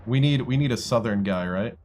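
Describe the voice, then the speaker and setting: A man's voice: mid-range voice, a little fast, darkish tone. A man streaming a strategy game at his computer, chatting casually and muttering to himself as he tries out voices. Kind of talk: casual gameplay livestream chat.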